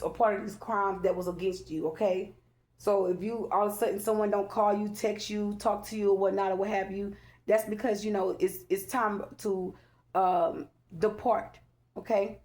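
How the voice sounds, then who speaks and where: Woman, tarot reader, casual spiritual chat, emphatic, keeps asking "okay?", mid pitch. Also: a little mellow. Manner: chatty, repeats "okay?" often, emphatic and preachy.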